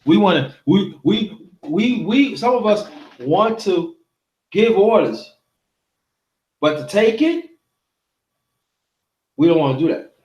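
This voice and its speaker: Man, high pitch, halting storyteller, repeats words, casual chat host, roomy echoey recording. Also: big pitch swings, darkish tone. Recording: roomy echo.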